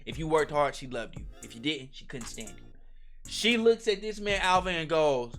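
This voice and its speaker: A young man telling a casual storytime to his viewers, slangy and animated, talking straight to the audience. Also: fairly high pitch, normal speed, soft background music. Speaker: storytime vlogger.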